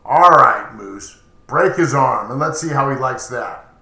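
A man's voice: medium pitch, expressive, a little slow, vocal fry, bright, forceful tone, voice pushed down, full character voice. A man voicing a menacing male mob loan shark who speaks bluntly and threateningly. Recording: roomy echoey recording.

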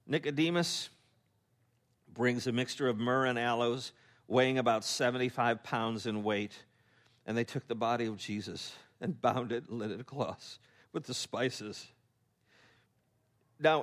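A man preaching a sermon as a pastor, acting out biblical characters with laughing asides and dropping to a hush on solemn points. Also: mid-range voice. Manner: animated storytelling, acting out voices of biblical figures, laughing asides; drops to a hushed, slow tone on solemn points.

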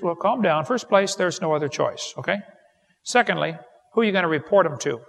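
A man delivers a seminar lecture in a gravelly, slightly raised voice, telling folksy stories that land on punchlines. His words ring with the long reverb of a large hall, as in a live seminar recording. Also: fairly high pitch, animated, normal speed, a bit bright. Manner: folksy, joking storyteller who builds to punchlines. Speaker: creationist seminar speaker.

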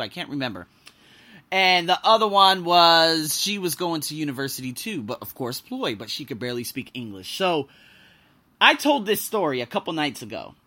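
A lively man hosting a podcast, telling a story with a bright voice and pitch that leaps around. He jumps between loud, excited outbursts and low asides and swears freely. His pitch sits a little above most men's. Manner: profane, excitable. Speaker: podcast host. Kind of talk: casual storytelling monologue.

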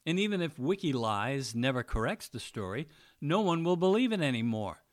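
A man's voice: mid-range voice, sing-song, moderate pace. A man giving a mocking, sarcastic opinion monologue as a political commentator.

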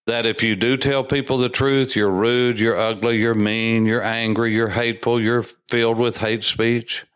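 A man's voice: medium pitch, little pitch movement, normal speed, a bit bright, smooth, dry recording. Emphatic male preacher. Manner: emphatic, rising to insistent emphasis. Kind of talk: sermon with scripture reading.

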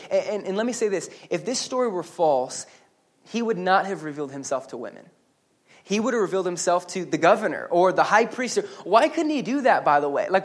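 Animated joking male pastor preaching. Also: sits high. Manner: animated and humorous, with quick restarts and asides. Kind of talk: sermon. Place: church service.

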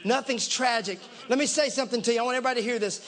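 A male pastor preaching a lively sermon, calling out to the congregation and acting out panicked cries. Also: extremely high pitch, very fast. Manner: animated, acts out panicked voices and shouts; talks to the congregation directly, laughs along.

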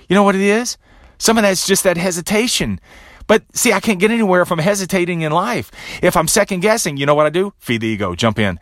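A man hosting a podcast, giving a motivational monologue with a pep-talk delivery that drops low and quiet on each repeated refrain. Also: animated, quick pace, no room sound, clean studio sound. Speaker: podcast host.

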